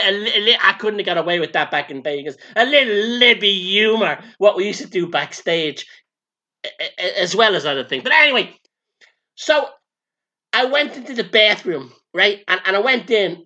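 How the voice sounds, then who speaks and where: A brash, bawdy aging showgirl from the Vegas stage, put on by a man, gossiping crudely. Her voice is bright and swoops all over the place as she stumbles over her words and restarts her sentences. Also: high voice, muffled recording, full character voice. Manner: crude, camp, gossipy storytelling with stammered restarts. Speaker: comedy character. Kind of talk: improvised comic monologue.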